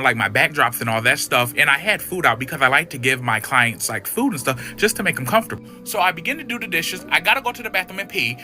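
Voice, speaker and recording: A man's voice: on the high side, sharp tone. A man telling a spooky personal story in a sassy, profane, dramatic way. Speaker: storyteller in a clip. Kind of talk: animated story time.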